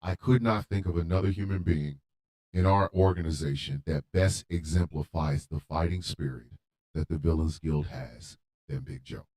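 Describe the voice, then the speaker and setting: A man hosting a radio show, delivering a heated monologue with emphatic repetition and occasional shouting. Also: rumbling low, moderate pace. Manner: emphatic, repeats lines for force; rants, at times shouting.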